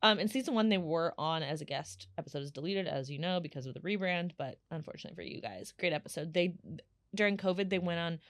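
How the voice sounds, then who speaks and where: A woman in her thirties hosting a casual solo podcast, telling stories in a chatty, animated way with lots of fillers. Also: lowish voice, fast talker, dry recording, studio quality. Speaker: podcast host.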